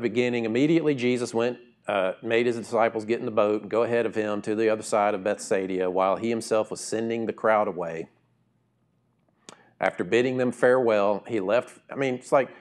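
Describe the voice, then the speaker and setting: Quiet, slow asides give way to loud, high bursts of emphasis as a middle-aged pastor preaches his sermon in a relaxed, conversational manner.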